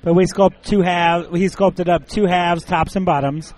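A man's voice: high voice, steady tone, a little slow, darkish tone, low-quality recording. A man co-hosting a podcast, talking enthusiastically and a little rambling in casual chat. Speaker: podcast co-host.

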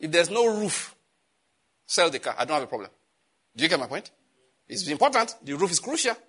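A man preaching a sermon as pastor, animated and scolding, with jokes and sudden jumps in pitch. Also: brisk, slightly rough.

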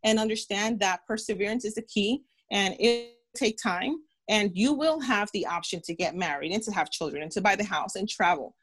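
A woman's voice: mid-range voice, brisk, hardly any pauses, a bit bright, husky. Encouraging woman doctor telling stories. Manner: earnest, encouraging, repeats phrases and acts out quotes. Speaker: physician guest. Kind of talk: interview storytelling.

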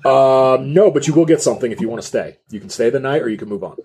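A man's voice: mid-range voice, expressive, fast, dark tone, a little hiss or hum. A man running a tabletop game as game master, laid-back and chuckly as he narrates.

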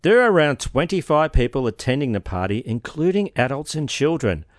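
A man's voice: mid-range voice, very animated, a little fast, no room sound, studio quality. A man co-hosting a podcast, reading out a case, stumbling over names and cracking crude jokes. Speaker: podcast co-host, story reader. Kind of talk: casual chat and reading a case.

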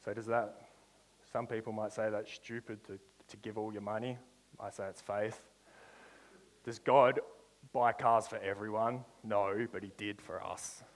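A young man giving a testimony in a sermon, telling a story and then slowing into drawn-out, emphatic declarations of faith. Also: fairly low pitch, steady tone, big-room sound, rough recording. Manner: storytelling with slow emphatic build-ups. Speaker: preacher.

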